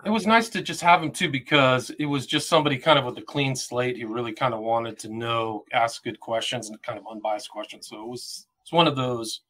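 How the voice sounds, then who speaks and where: A man's voice: mid-range voice, a little fast, few pauses, bright, forceful tone. A man hosting a podcast, talking in a loose, rambling way with lots of "kind of" fillers. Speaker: podcast host. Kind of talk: casual podcast interview.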